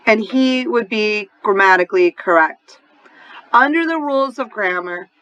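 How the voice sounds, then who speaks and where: A woman's voice: on the high side, bright, forceful tone, dry recording, low-quality recording. A woman with a New Orleans accent teaching an adult English class, explaining grammar patiently and often checking in with "right?". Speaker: ESL teacher.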